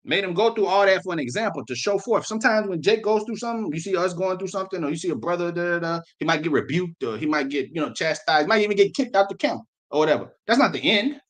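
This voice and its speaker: A man's voice: high-pitched, animated, fast talker, hardly any pauses. A man preaching, who reads old-style scripture and then explains it in blunt street slang, often repeating words. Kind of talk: sermon with scripture reading.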